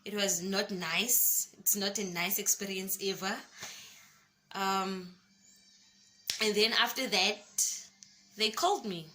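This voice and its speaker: A young woman with a South African accent, telling a personal story to her vlog viewers in an expressive way and calling them guys. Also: mid-range voice, slow pace, pauses often, a little hiss or hum. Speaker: YouTuber.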